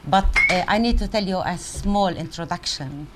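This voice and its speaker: Older woman giving an animated talk. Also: fairly low pitch, very noisy. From Palestine. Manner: conversational and animated, with pauses and fillers. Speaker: guest speaker, professor. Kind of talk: public speech to an audience.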